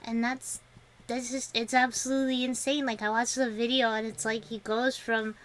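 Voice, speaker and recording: Giggly young woman streamer, a bit high. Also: flat delivery, moderate pace, a bit bright. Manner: giggly, rambling, many restarts and fillers. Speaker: vtuber streamer. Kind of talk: casual chat with viewers.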